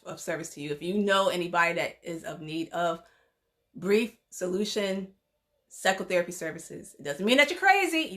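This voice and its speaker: A woman counselor speaks to her audience in a heartfelt vlog, with a bright, forward tone at an ordinary mid pitch. Her talk is encouraging and informal, full of 'y'all' and easy laughs. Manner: encouraging, chatty, with frequent laughs; informal, with 'y'all' and loose asides. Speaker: psychotherapist and counselor. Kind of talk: direct-to-camera heartfelt vlog address.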